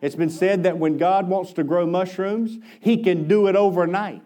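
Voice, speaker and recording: High-voiced man preaching with folksy stories. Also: moderate pace. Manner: folksy, animated storytelling with asides. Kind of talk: sermon storytelling.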